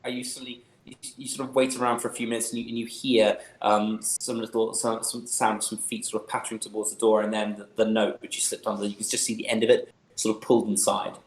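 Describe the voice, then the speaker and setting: Man, game master, rambling narration, echoey room, faint rumble. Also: level tone, quick pace. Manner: rambling, chuckling descriptive narration.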